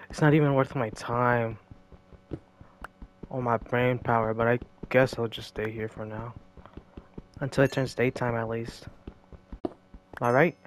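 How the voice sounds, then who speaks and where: A man giving casual gameplay commentary, jokey and excitable, talking to himself and to the game's creatures. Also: medium pitch, unhurried, pauses often.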